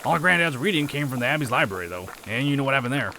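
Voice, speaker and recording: A man's voice: mid-range voice, lively intonation, racing, sharp tone, a little hiss or hum. A man voicing a plain-spoken male farmer in a game, blunt and matter-of-fact.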